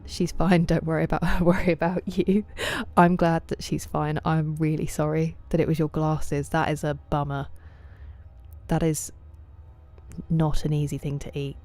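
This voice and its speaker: A woman livestreaming a game late at night, casually answering viewers' chat messages by name and often slipping into a soft half-whisper. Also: low voice, little pitch movement, normal speed, soft background music.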